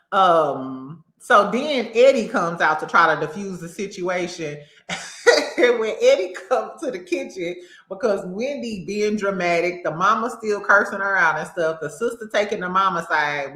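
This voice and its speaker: A woman hosting a casual recap show, animated and laughing often as she acts out what people said. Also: fairly low pitch, moderate pace, reverberant. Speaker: host.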